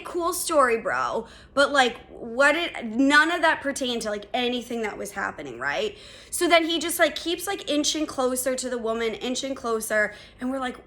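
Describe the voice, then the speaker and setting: A young adult woman hosting a podcast, telling a story in a casual, animated way, with lots of filler words and swearing. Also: fairly high pitch. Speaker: podcast host.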